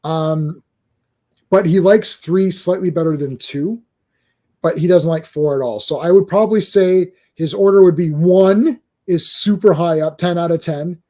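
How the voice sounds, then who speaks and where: Animated man, mellow voice. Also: on the high side, measured pace. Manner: animated, acts out comic dialogue in voices. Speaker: podcast host. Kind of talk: casual comic book chat.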